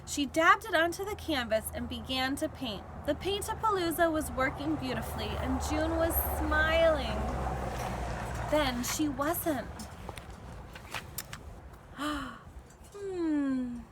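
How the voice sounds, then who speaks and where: Slow, lively woman teacher reading aloud. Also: high-pitched. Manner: slow, expressive, pausing to explain pictures. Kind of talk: read-aloud of a chapter book. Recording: recording with steady background noise.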